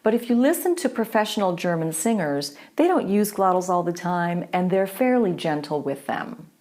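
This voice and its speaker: A woman teaching a voice lesson, explaining clearly and patiently. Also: on the low side, animated, moderate pace, darkish tone. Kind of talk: instructional voice lesson.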